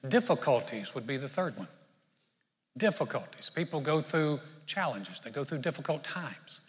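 A man's voice: medium pitch, big pitch swings, moderate pace. Man preaching in a reverberant church. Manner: storytelling with jokes, rising to emphatic exhortation. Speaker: pastor. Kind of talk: sermon. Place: church sanctuary.

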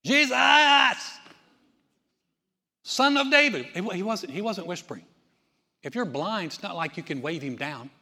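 A man preaching a sermon, animated, acting out scenes with loud cries and asides. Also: on the high side, moderate pace, breathy edge. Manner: animated, acts out voices with shouts. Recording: echoey hall.

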